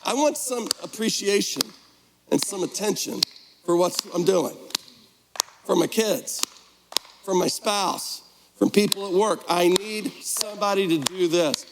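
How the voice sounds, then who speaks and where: Man, pastor, sermon, conversational, gravelly, long church reverb. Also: high-pitched, a little slow, noisy background. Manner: conversational, playful preaching with mock voices. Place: church sanctuary.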